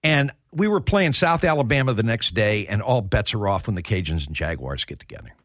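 A man's voice: fairly low pitch, animated, a little fast, a bit bright, dry recording, studio quality. Man host telling heartfelt stories. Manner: heartfelt storytelling. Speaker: sports radio show host. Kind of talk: sports talk radio.

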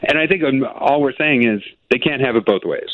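A man's voice: medium pitch, brisk, narrow, tinny audio. A man, a guest on a radio talk show, chatting casually and agreeably. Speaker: guest commentator.

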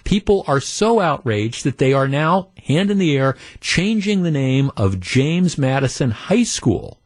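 Wry talk radio host, dry studio sound. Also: male voice, on the high side, very animated, measured pace, no echo. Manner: reads out listener texts; wry, incredulous. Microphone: studio microphone.

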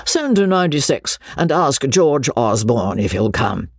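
A teasing old gentleman, as a man puts him on. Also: medium pitch, sing-song, a little slow, breathy edge, no room sound, studio quality, full character voice. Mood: wry. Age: older. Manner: mocking, bantering.

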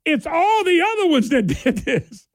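A middle-aged man hosts a political talk radio show, laughing and mocking in an excitable way. His voice sits very high and swings widely up and down, with a gravelly rasp. The sound is close and dry. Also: measured pace, no echo.

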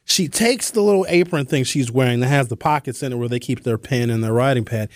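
A man hosting a radio show, telling a comic story in an animated, slangy way with emphatic asides to his listeners. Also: mid-range voice, brisk, hardly any pauses, dry recording, clean studio sound. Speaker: radio host.

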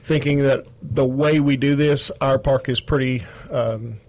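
A man's voice: medium pitch, steady tone, a little slow, a little mellow, no echo, low-quality recording. A man who works at a wildlife park, explaining owls on a studio chat show with dry jokes. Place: studio with a live owl.

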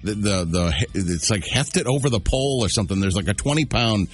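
A man's voice: fairly low pitch, animated, a little fast, soft background music. A man co-hosting a casual morning radio show, rambling with fillers and restarts. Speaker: radio host. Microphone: studio mic.

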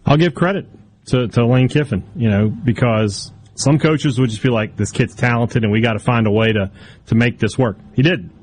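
A man's voice: medium pitch, normal speed, a little mellow. A man co-hosting a sports talk radio show, telling wry stories in casual banter.

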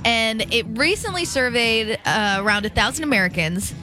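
A young woman hosts a radio show from a studio, trading casual on-air banter with music playing in the background. Her voice is fairly high and her pace moderate, and she tells stories animatedly, acting out the quotes.

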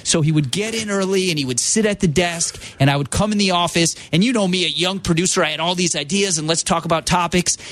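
A man tells a story on a sports radio show in animated bursts. His voice sits a bit high for a man, and it climbs further as he gets into the tale. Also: fast, hardly any pauses. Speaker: radio producer.

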